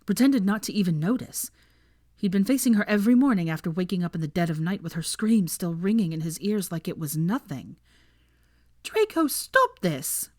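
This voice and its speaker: A woman narrating fan fiction aloud in a steady, expressive storytelling manner. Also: lowish voice, brisk, no room sound, studio quality.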